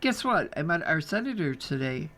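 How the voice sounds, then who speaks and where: A man's voice: on the high side, very animated, normal speed, bright, forceful tone, heavily acted. Tiger, a man doing a chirpy comic-strip boy. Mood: eager.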